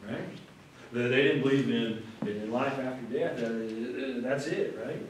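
A man's voice: mid-range voice, a little slow, background noise. A man preaching a sermon as pastor, conversational, repeating words and acting out the people he quotes with rising emphasis. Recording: echoey room from far off.

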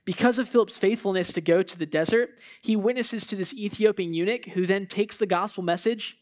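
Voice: medium pitch, a little fast. A preacher giving a sermon in a church, retelling a Bible story in a conversational way with asides. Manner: storytelling, acts out biblical figures' thoughts.

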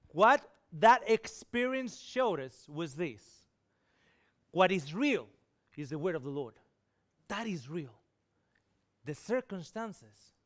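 A man preaching a sermon, telling a personal story with emphatic swells of feeling. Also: high-pitched. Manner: emphatic, swells louder on key lines. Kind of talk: sermon testimony.

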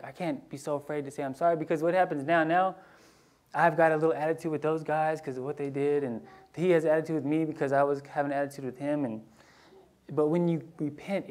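A man's voice: on the high side, darkish tone. A male pastor preaching a conversational sermon, telling personal stories with casual asides and restarts. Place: church sanctuary.

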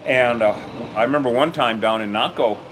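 A man who runs a bee removal business, livestreaming from a busy town street in a profane, rambling, excitable way. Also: medium pitch, brisk. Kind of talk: casual livestream narration on site. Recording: noisy outdoor street recording.

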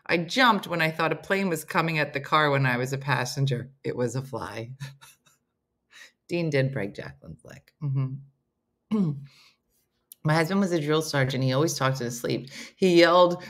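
A woman's voice: low voice, a little slow. A woman hosting a comedy morning show, reading listener stories aloud with playful banter.

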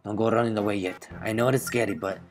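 A man's voice: on the low side, steady tone, quick pace, close to an everyday voice. A man voicing a brash, pushy male sailor captain while reading game dialogue aloud. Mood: bossy. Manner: boastful, bossy, reading game text aloud.

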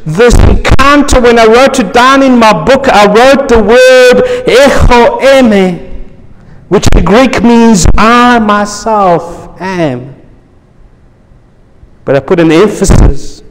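Slow, dramatic male pastor in a reverberant hall. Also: extremely high pitch. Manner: emphatic, lingering on key words with long pauses. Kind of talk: dramatic first-person storytelling sermon.

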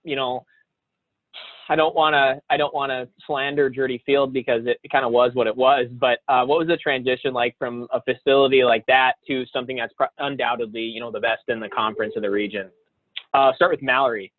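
A man hosts a relaxed group chat over a video call, chatty and often repeating words mid-sentence. His voice sits in a middle range. The sound is dry and tinny, like a phone line. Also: mid-range voice, a little fast, no room sound. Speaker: host.

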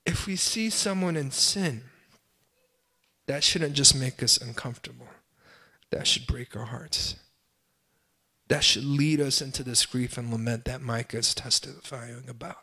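A young adult man, a pastor, preaching a sermon with impassioned swells and pleading cries, then dropping to quiet, self-deprecating asides. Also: medium pitch, a little slow, breathy edge.

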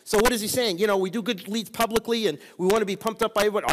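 A male pastor delivers a sermon with a high-pitched voice, calling on his listeners to answer back. His voice rings out with a long reverb from the church sanctuary around him. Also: rapid-fire, hardly any pauses, noisy background. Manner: preaching with call-and-response prompts.

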